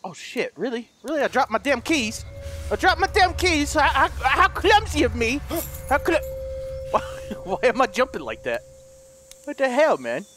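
A man doing loud, goofy, excitable commentary as he plays a game, often laughing. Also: very high-pitched, normal speed, faint music behind. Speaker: let's play host. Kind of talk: gaming commentary.

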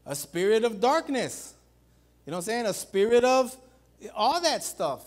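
Man, pastor, sermon, high voice, animated, loud calls and low emphasis. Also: moderate pace. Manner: animated preaching, repeats "watch this" and "guys".

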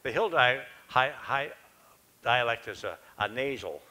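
Bright-voiced older man preaching folksy sermon. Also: mid-range voice, lively intonation, measured pace, rough recording. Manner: folksy, conversational, self-deprecating. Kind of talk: storytelling sermon. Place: church.

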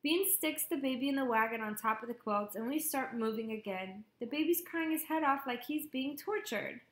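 A woman narrating an audiobook in first person, with wry, lively storytelling. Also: high-pitched, normal speed. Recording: echoey room.

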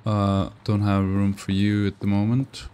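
A man's voice: lowish voice, completely flat delivery, a little slow, mellow, a little hiss or hum. A man giving casual, joking commentary while playing a survival horror game and talking back at the characters on screen. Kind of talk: casual let's-play commentary.

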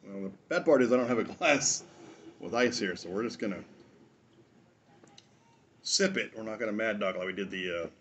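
A man's voice: fairly low pitch, moderate pace, long pauses, fairly bright tone, a little hiss or hum. Rambling, jokey man hosting a tasting. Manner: rambling and jokey, with asides and chuckles. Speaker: host of a drinks review show. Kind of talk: casual tasting review.

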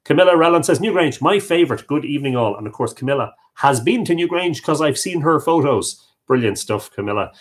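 A man's voice: on the high side, animated, brisk, few pauses. Chatty Irish man hosting a livestream. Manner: chatty, greets viewers one by one. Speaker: host. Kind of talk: live-stream chat, reading out viewer comments.

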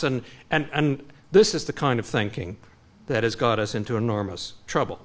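Middle-aged male lecturer from Canada, impassioned, restless and animated, restarts often. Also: on the high side, brisk. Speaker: guest speaker. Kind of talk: public lecture.

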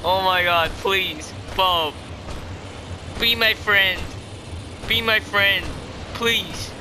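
A man's voice: high-pitched, drawn-out words. A man giving panicky live gameplay commentary, yelping and repeating words as he plays. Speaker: gaming YouTuber. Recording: loud game noise behind the voice.

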